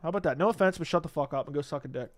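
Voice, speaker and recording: A man's voice: fairly high pitch, very fast. Brash, profane man on a livestream. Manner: brash, profane, rants at viewers; reads viewer comments aloud. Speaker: livestream host. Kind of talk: casual live stream chat.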